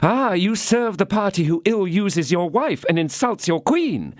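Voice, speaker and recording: Fierce young wife, voiced by a man, scornful, cutting, raised lively pitch, dry audiobook sound. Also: normal speed, no room sound. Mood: accusing. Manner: indignant, cutting. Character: young woman, fierce, scornful, loyal to her queen.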